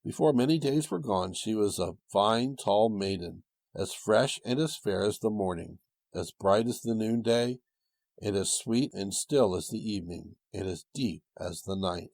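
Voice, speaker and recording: A man reading a storybook tale aloud with a gentle, old-fashioned storytelling cadence and a husky voice. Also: on the low side, a little slow, no echo. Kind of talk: storybook narration.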